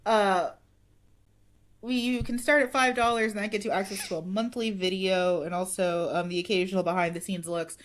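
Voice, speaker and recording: A woman's voice: medium pitch, fairly even intonation. A woman hosting a podcast, bantering playfully and reading patron thanks and sponsor notes in a casual way. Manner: playful, laughing, then brisk sponsor read. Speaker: podcast host.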